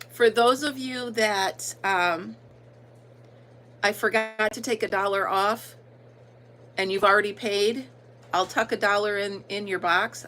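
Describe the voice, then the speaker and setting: A woman's voice: medium pitch, pushed and bright, slight background noise, low-quality recording. A woman with an American country accent hosting a casual livestream, chatting and greeting viewers by name with plenty of ums. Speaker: livestream host.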